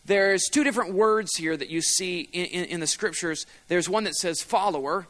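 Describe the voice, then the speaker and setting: Pastor guy preaching, chatty with the congregation, voice on the higher side. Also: normal speed, fairly bright tone. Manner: conversational preaching, asks the congregation for responses. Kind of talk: sermon.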